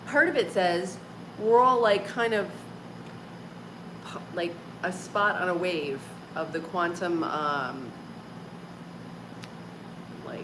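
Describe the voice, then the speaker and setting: A woman in her forties hosting a casual livestream from home, chatting with viewers, laughing often and filling with "like" and "um". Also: on the low side. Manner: chatty, laughs often, uses many fillers. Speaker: livestream host. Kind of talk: casual live-stream chat with viewers. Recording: clear background noise.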